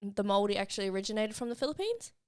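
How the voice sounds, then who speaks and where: A woman's voice: mid-range voice, very animated, very fast, darkish tone, clean tone. A woman co-hosting a podcast in casual chat. She explains things at length in a chatty way and laughs easily. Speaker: podcast co-host.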